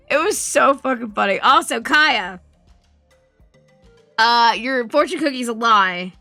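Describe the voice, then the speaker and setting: A young woman streamer in casual chat, swearing often and rambling through animated stories. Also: on the high side, unhurried, no room sound, faint music behind.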